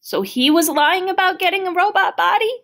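A woman's voice: medium pitch, lively intonation, normal speed, slightly rough, voice pushed up. A woman voicing a blunt, angry teenage boy who speaks in a raised, urgent, pleading way. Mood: upset.

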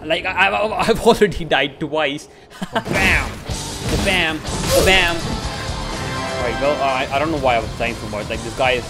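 A man's voice: medium pitch, moderate pace. A man giving comedic commentary as he plays a video game for the first time, stammering, swearing and laughing as he goes. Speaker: gaming YouTuber. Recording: background game music.

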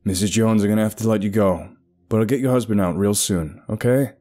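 A brisk, impatient cave rescuer calling out in a cramped tunnel, played by a male narrator. His voice is lower and mellow but pushed louder and quicker. This is a character in a horror storybook. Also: lightly acted. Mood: urgent.

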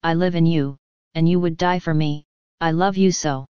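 A woman voicing a languid, affectionate young noblewoman who is secretly a vampire, speaking softly in a murmur, in a dull lo-fi audiobook recording. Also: sits low, steady tone, normal speed, clean tone, no room sound, close to an everyday voice.

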